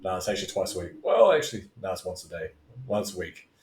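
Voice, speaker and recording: A man's voice: low voice, very animated, quick pace, a little mellow, slight background noise. Rambling man in an echoey room. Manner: rambling, tangential, swears freely. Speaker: business coach. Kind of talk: casual talking-head video lesson. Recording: roomy echo.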